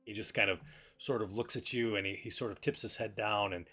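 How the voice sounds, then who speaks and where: A man narrating as game master in a relaxed, hesitant way with many fillers. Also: lowish voice, brisk, husky. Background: background music.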